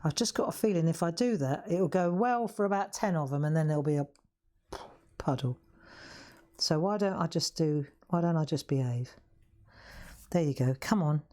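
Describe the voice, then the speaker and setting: Woman, Southern English accent, middle-aged, somewhat low voice, live craft host, chatty, self-mocking. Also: expressive, normal speed, pauses often, warm tone. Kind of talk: live craft demonstration chat. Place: craft room.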